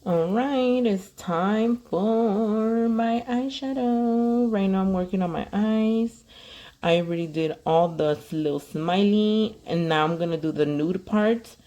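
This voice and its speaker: A woman's voice: fairly low pitch, measured pace, dark tone. A young woman nail technician chatting casually and gossiping as she works, swearing freely. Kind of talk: casual chat while working.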